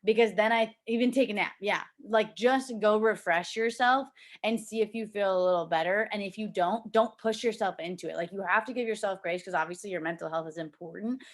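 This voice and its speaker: A woman's voice: mid-range voice, brisk. Young woman, casual team coaching talk, chatty, full of "like", plays out quoted voices. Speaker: team leader coaching a sales team. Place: at home with a child nearby.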